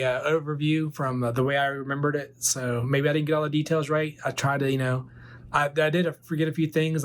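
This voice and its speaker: A man in his forties, a toy collector, casually retelling a movie in a rambling way full of fillers and quick character voices. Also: medium pitch. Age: 40s.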